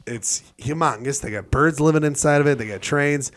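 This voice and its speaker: A man co-hosting a podcast, telling travel stories in animated casual chat and slipping into goofy voices. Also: a little high, normal speed. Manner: animated storytelling, swings into silly voices. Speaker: podcast co-host.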